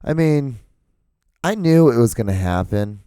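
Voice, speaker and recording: A man hosting his own show in a casual, rambling monologue, with a hoarse, cracking voice. He swears freely and his voice jumps high when he gets worked up. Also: a little slow, dry recording, studio quality. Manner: profane, excitable, voice jumps high when ranting. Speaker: podcast host. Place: home setup with lights and camera. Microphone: studio microphone.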